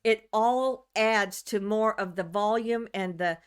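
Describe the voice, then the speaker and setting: A woman's voice: mid-range voice, slow, clear, resonant tone. A woman from the United States, a channeler hosting a live stream, chatting casually with viewers, rambling, restarting sentences and greeting people by name.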